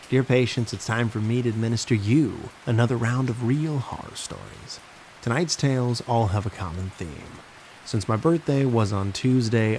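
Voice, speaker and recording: A man hosting and narrating true horror stories in a slow, ominous scripted delivery. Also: lowish voice, a little mellow, low-quality recording. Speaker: horror story narrator and host. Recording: faint hiss with rain sounds.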